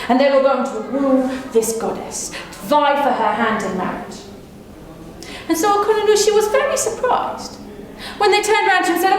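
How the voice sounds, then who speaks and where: A woman's voice: high voice, very animated, normal speed. Playful woman telling a story live. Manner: playful, teasing the audience. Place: small venue with audience. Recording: echoey room with faint hum.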